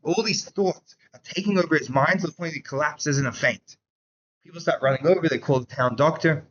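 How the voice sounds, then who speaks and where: A man teaching a Chassidus class in a casual, animated storytelling way, saying "like" often. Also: on the high side, fairly quick, muffled recording, slight background noise. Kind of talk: Torah class lecture with storytelling.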